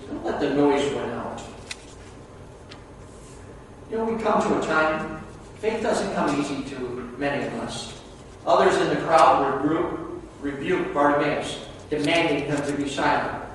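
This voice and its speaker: A male pastor preaching a sermon, moving between hushed and loud, emphatic delivery, recorded from far off in an echoey church hall. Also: on the high side, slight background noise.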